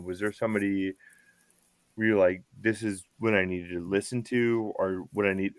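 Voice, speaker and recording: Halting, enthusiastic man hosting a chat. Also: lowish voice, no echo. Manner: halting, restarts often, enthusiastic. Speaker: podcast host. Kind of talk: casual chat. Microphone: remote video call.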